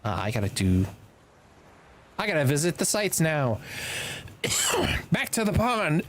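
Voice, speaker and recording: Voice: mid-range voice, very animated, normal speed, slight background noise. A live streamer talking through a game in casual commentary, rambling to themselves and breaking into sudden exasperated outbursts. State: throat slightly tickled.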